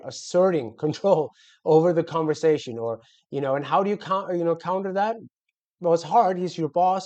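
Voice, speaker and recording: Male sales coach, casual talk to camera, mellow timbre on the high side, restarts often. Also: dull audio. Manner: loose and conversational, many fillers and self-corrections.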